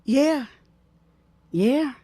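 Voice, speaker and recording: A woman talks on a live stream, animated and a touch preachy, hammering her points home by saying them twice. Her voice sits a little high. The sound is close and dry, with no room around it. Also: drawn-out words, no echo. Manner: animated, preachy, repeats key lines for emphasis. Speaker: host. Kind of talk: live-stream commentary and advice talk.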